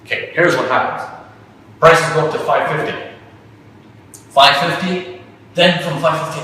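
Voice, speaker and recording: A man teaching trading in an animated way, often repeating himself and acting out examples, recorded from a distance in an echoey hall. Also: on the high side, a little slow, long pauses. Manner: energetic, repetitive, acts out examples. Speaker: trading instructor.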